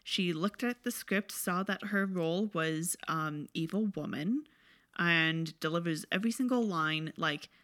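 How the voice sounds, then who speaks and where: A woman's voice: lowish voice, unhurried, fairly bright tone. Dry-witted woman co-hosting a movie podcast. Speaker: podcast co-host. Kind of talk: casual movie review chat.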